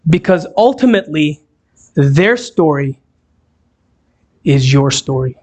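A man with a slightly high, expressive, somewhat mellow voice delivers a slow sermon, chatting with the congregation and putting questions to them. He's in a church hall, and it's also being streamed on a video call.

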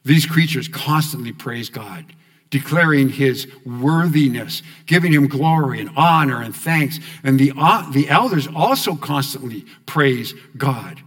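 Man preaching a sermon in a reverberant church hall, earnest, medium pitch, drops soft for emphasis. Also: animated, unhurried.

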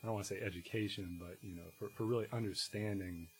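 A man, a musician guest in casual conversation, talking in a rambling, halting way full of restarts and fillers. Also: on the low side, steady tone, a little hiss or hum, low-quality recording.

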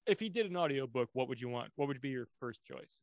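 A man's voice: medium pitch, animated, quick pace, no room sound, dull audio. A man co-hosting a podcast in casual chat, sarcastic and joking, on a video call. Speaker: podcast co-host.

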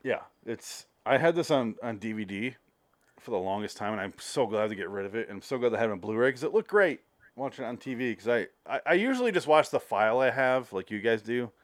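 A man talking movies in a casual chat, mid-pitched and lively. He acts out scenes and swears freely. His voice sounds dry and close, with no room around it. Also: quick pace, no echo. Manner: animated, acts out scenes with profanity.

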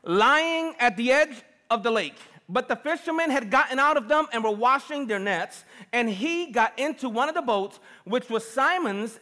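Middle-aged pastor preaching, high bright voice, big echoey hall. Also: male voice. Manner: lively, preachy and personal, calls on the congregation. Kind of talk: sermon. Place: large church hall. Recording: long reverb of a big hall.

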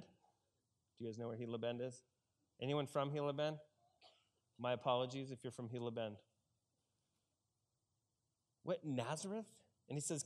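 A man's voice: fairly high pitch, measured pace. Conversational male pastor preaching. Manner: conversational, acts out the Bible characters' lines. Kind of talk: sermon.

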